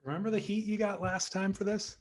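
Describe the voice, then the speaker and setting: A man's voice: high-pitched, steady tone, a little fast. A man co-hosting a podcast in casual chat, enthusiastic and given to teasing banter. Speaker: podcast co-host.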